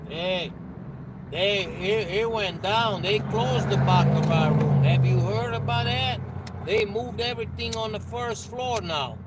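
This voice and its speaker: A man in casual chat, gossiping in a plain, halting way with many restarts. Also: high voice, lively intonation, heavy background noise.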